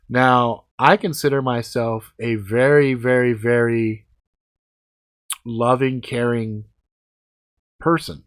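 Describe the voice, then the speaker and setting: Male, 40s, vlogger. Casual, blunt and profane, lively storytelling. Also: mid-range voice, takes it slowly, pauses often. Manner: blunt, heavy swearing, animated. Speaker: vlogger answering comments.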